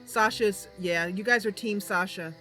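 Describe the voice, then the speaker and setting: A woman streamer with a mid-range voice chats casually with her viewers during a role-play game, speaking a little slowly in a sharp tone. She giggles a lot and fills her talk with fillers, with game music playing behind her.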